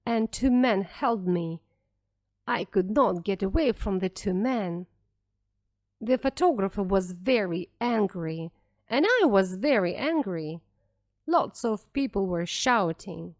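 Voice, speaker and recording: A woman reading a short story aloud slowly and clearly for beginner English learners, careful and expressive. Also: medium pitch, no room sound, clean studio sound.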